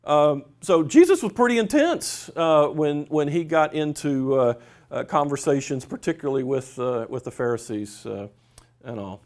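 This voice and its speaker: A middle-aged man gives a conference workshop lecture in a somewhat high voice for a man. He talks conversationally, stumbling through fillers and restarts, and now and then reads quotations aloud. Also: lively intonation, normal speed, a little mellow. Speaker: professor giving a workshop talk.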